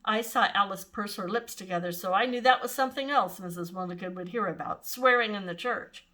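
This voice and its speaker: An older woman reading a children's novel aloud in an expressive, animated way. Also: mid-range voice, a little fast. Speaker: storyteller.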